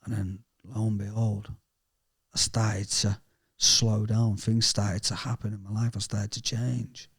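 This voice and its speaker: Man, low voice, raw halting testimony, for an interviewee telling his story. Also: level tone, husky. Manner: halting, raw and emotional, often trailing off quietly. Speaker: interviewee sharing a recovery story. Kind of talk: candid personal testimony.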